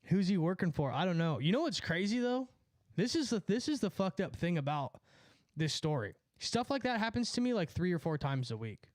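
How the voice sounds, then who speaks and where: A man's voice: high-pitched, sing-song, a little fast, no room sound. Profane, rambling young man telling a story. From California. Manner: profane, rambling, laughs at own stories. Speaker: streamer. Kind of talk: casual storytelling chat.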